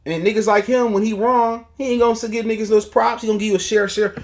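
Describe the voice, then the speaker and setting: A man's voice: high voice, steady tone, fast talker. A man hosting a casual boxing livestream, ranting in a heated, profane, mocking way. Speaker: boxing talk show host.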